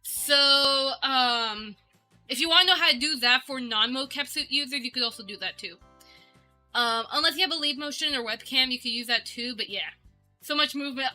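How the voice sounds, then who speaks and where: A woman's voice: sits high, moderate pace, pushed and bright. A woman streamer chatting casually and bubbly with her viewers, giggling often. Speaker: VTuber streamer. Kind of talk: casual livestream chat. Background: faint background music.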